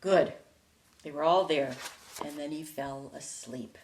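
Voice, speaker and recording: A woman teacher reading a storybook aloud to young children, slow and playful with lots of expression. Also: sits low, noisy background. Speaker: preschool teacher.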